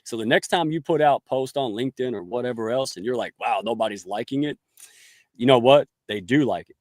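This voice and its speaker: A folksy, enthusiastic man hosting a podcast interview, given to homespun turns of phrase. His voice sits at an average pitch, recorded dry and close with no room sound. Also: fast, a little mellow, dry recording. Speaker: podcast host.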